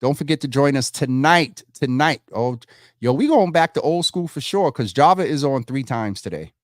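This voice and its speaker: A man hosts a casual livestream news show from his home studio, speaking loosely and informally straight to his viewers in a chatty way. His medium-pitched voice is animated, at a normal pace, on a dry recording.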